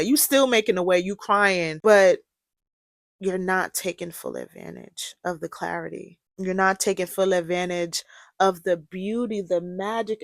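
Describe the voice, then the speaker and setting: A young woman talks straight into a close mic on her own podcast, with a dry, roomless sound. She swings between low, quiet musing and loud, fired-up rants, peppered with slang and swearing. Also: no room sound. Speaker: podcast host. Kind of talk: casual monologue.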